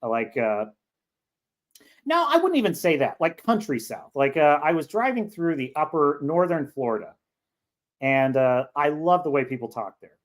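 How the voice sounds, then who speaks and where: A man's voice: a little high, sing-song, normal speed. A man from California with a Californian accent talks off the cuff as host of a casual livestream. His commentary rambles and jokes along, with restarts and asides as he reads viewer comments aloud.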